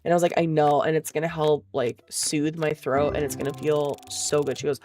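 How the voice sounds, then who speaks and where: A woman's voice: low voice, level tone, a little fast, darkish tone. A woman chatting casually, telling a story with frequent swearing and laughter. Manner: chatty, profane, laughs often. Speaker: vlogger.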